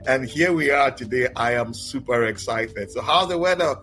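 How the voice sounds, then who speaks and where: A man's voice: mid-range voice, lively intonation, a little fast, hardly any pauses, fairly bright tone, faint music behind. A man from Nigeria hosting a podcast, chatty, often repeating and restarting his words. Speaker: podcast host. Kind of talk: casual interview podcast.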